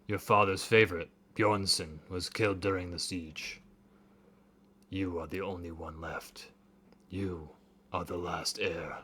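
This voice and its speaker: A man voicing a stern, husky spirit elder. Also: deep voice, fairly even intonation, bright, forceful tone, heavily acted. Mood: grave. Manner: slow, solemn, weighty delivery. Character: stern spectral elder, grave and commanding. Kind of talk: reading game dialogue aloud.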